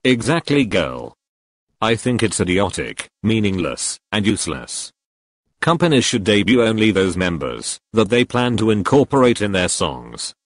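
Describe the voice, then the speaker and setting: Robot tts guy voice, low and emotionless, dry close sound, reading out fan confessions. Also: measured pace, dry recording. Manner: emotionless, flat synthetic delivery. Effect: text-to-speech voice. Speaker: YouTuber reacting to fan confessions.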